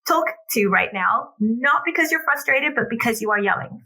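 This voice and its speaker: A middle-aged woman, a guest coach, chatting casually and acting out family exchanges in lively voices. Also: a little high, normal speed, low-quality recording. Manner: animated storyteller acting out family dialogue. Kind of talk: casual interview chat.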